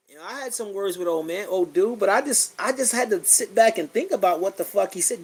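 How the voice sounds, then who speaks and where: A middle-aged man with a fairly high-pitched voice talks bluntly into his podcast mic. He swears freely and circles back on his own phrases as his feeling rises and falls. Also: animated, brisk, slightly rough, rough recording. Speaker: podcast host. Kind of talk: blunt personal monologue.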